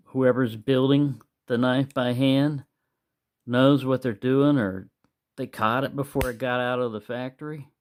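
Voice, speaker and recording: A man's voice: medium pitch, darkish tone. A man hosting his own channel, talking in a loose, meandering way in a casual monologue. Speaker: knife collector and channel host.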